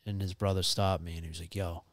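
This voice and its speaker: A man, telling a wild anecdote in an animated, profane, casual chat. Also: low-pitched, fast, no echo, studio quality.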